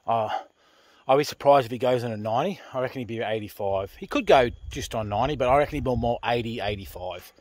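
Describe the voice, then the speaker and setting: An Australian man talking casually to camera outdoors, rough-spoken and swearing freely, out of breath from hauling a load. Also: medium pitch, fast talker, no echo. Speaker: pig hunter. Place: outdoors in the bush.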